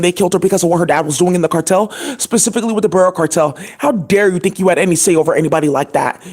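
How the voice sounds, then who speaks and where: This is a long, meandering to-camera monologue from a channel host whose husky voice rests at an ordinary middle pitch with a slightly mellow quality. He swears and sounds indignant, often restarting and leaning on fillers.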